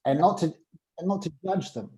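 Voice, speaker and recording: A man, a podcast guest, telling a personal story in casual conversation and acting out the dialogue with lively energy. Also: high-pitched, brisk, rough recording.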